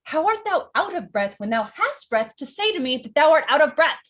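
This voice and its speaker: Brief: a woman playing an impatient lovestruck teen girl, pitched well up, sugary and pleading. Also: very animated, brisk, a bit bright. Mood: exasperated. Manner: sweet-talking, then exasperated.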